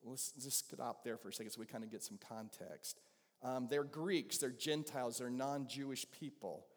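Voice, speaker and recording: A man's voice: mid-range voice, normal speed. A man with a Southern accent preaching a conversational sermon as pastor, asking the congregation questions. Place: church sanctuary. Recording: long reverb of a large hall.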